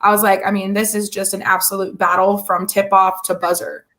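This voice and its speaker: A woman's voice: medium pitch, level tone, fairly quick, a bit bright. A woman co-hosting a casual sports podcast, chatty and rambling with lots of fillers. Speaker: podcast co-host.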